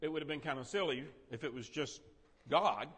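A man teaches a Sunday school Bible lesson in a high, bright, husky voice that swings widely in pitch as he talks briskly. Animated, he quizzes the class and jokes with them, while the long reverb of a church room trails after his words.

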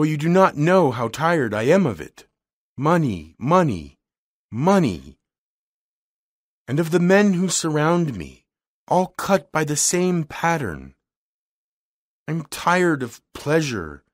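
Guy doing a bored rich girl voice, cool and snooty, slow and lilting. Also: fairly high pitch, dry recording, clean studio sound, voice pushed up, full character voice. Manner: cool, refined, weary. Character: wealthy bored young woman, haughty.

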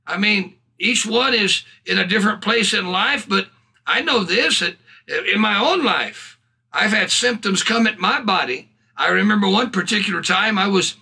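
High, gravelly-voiced male preacher. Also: pushed and bright. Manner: fervent, punctuated with hallelujahs and bursts of laughter. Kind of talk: sermon.

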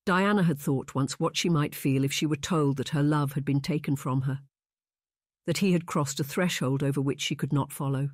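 An audiobook narrator reading a historical romance in measured, even scripted narration. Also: medium pitch, dry recording, studio quality.

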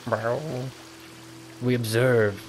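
A man streaming a video game live, chatting casually and reacting excitedly with gasps and laughs. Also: mid-range voice, drawn-out words, noisy background. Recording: game music under the voice. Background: game music clearly audible.

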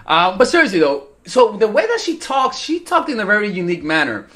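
A man's voice: sits high, wildly swooping pitch, brisk, pushed and bright. A young man, a dating coach, telling a casual story to women viewers and acting out quotes with swearing. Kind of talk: casual vlog advice.

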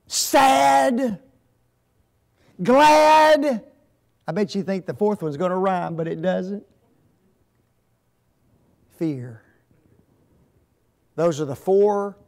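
A man with a fairly high but dark-toned voice speaks as a guest at a marriage seminar, asking the audience to fill in the blanks.

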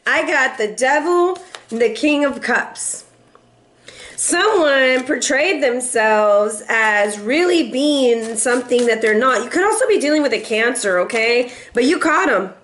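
A woman's voice: sits high, animated, a little slow, a bit bright, slight background noise. A woman doing a casual tarot reading in a sassy, playful way, laughing often and teasing her viewers. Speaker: tarot reader.

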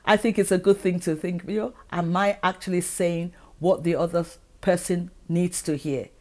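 A woman's voice: on the low side, fairly even intonation, moderate pace, a little mellow. A middle-aged woman from Africa, hosting her own advice vlog and talking earnestly to the camera, full of rhetorical questions. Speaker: channel host and educator.

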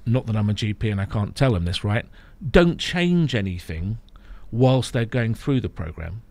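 A man coaching and explaining on a podcast, emphatic, often checking in with a quick "right?". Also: fairly low pitch, expressive, darkish tone, no echo. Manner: emphatic, explaining, frequent "right?" tag questions. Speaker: therapy programme coach. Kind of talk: podcast guest conversation.

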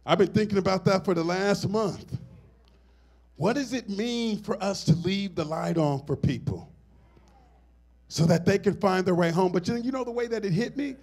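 High-voiced pastor preaching. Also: male voice, normal speed, vocal fry, a little mellow, husky. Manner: preaching with rising, swelling emphasis and call-and-response asides. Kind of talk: sermon.

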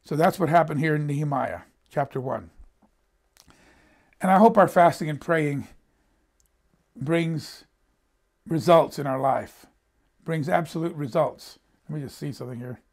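Older man preaching, gravelly voice. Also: a little high, unhurried, pauses often, a little mellow. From United States. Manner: conversational storytelling, repeats words when he stumbles. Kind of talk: sermon.

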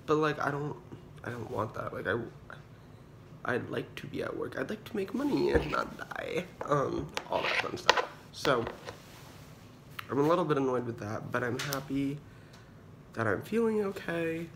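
A man's voice: medium pitch, very animated, normal speed, creaky, pauses often, fairly bright tone, slight background noise. A young man in a hospital room, casually and dramatically complaining into his phone, sweary and full of fillers. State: unwell patient awaiting kidney surgery. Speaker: vlogger. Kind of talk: casual ranting vlog.

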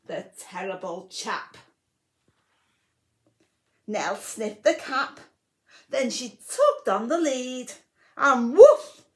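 Woman reading a kids picture book out loud, super slow, high bright voice, swoops up and down a lot, drops to a whisper sometimes. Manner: very expressive, with whispered asides. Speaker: library storytime reader.

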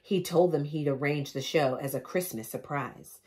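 A woman's voice: deep voice, moderate pace. A woman vlogger reading a picture book aloud with chatty, joking asides. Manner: animated, chatty asides, laughs at own jokes.

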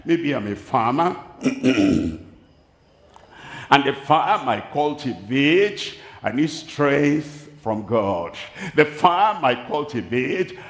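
A man with a Nigerian accent preaching a sermon at a large crusade, speaking slowly and deliberately, repeating his key phrases. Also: fairly high pitch. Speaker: pastor. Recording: echoey hall, voice from a distance.

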